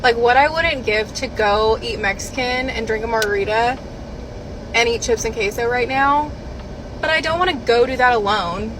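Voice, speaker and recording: A woman's voice: fairly high pitch, moderate pace. Chatty woman in her twenties, traffic behind. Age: 20s. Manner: chatty, exasperated. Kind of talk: casual vlog rant.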